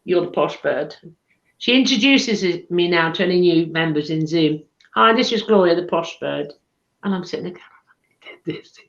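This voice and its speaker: A lower-voiced woman co-hosting a live chat stream in a chatty, teasing way, often breaking into laughter. The sound is roomy and echoey, with dull lo-fi audio. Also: animated, moderate pace. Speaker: co-host.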